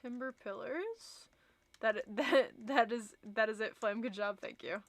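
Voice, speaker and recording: A woman's voice: fairly high pitch, a little slow, no room sound. A young woman streaming and chatting casually with her viewers, reading chat aloud and laughing easily.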